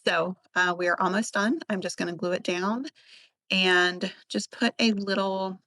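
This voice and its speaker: A woman's voice: medium pitch, fairly even intonation, measured pace, sharp tone, dry recording. Chatty Southern woman, dry close sound. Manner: chatty and enthusiastic, many fillers. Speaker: craft tutorial host. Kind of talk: casual crafting voice-over.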